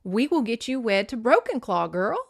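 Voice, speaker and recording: A woman's voice: a little high, sing-song, normal speed, creaky, full character voice. A stern, dismissive father, as a woman puts him on. He talks bluntly and matter-of-factly and waves away any argument. The voice stays close to her own.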